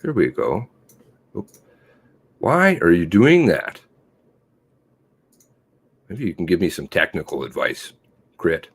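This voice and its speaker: A man hosting a casual livestream, reading and commenting on articles in a sarcastic, mocking way, with loud outbursts and low mutters. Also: huge pitch swings, takes it slowly, long pauses, slightly rough. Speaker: livestream host.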